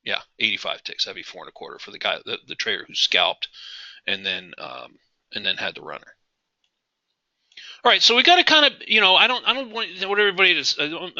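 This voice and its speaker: Bright, emphatic man teaching trading. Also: mid-range voice, no room sound, highs cut off. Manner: emphatic, repeats key phrases, asks the audience questions. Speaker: trading instructor. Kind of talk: live webinar teaching.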